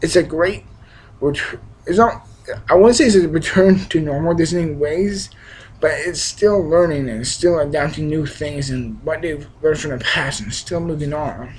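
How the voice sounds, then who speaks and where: This movie reviewer is a young man whose voice runs on the high side and moves a little slowly. His casual, rambling take on a film is enthusiastic and emphatic, full of fillers, restarts and sudden bursts. Slight background noise comes through on a low-quality recording.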